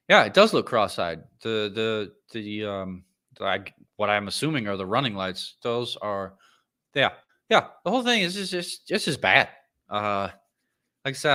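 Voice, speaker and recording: Blunt, profane podcast host, bright voice. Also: male voice, lowish voice. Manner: blunt, profane, opinionated, rants loudly then apologizes. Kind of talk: casual ranting commentary.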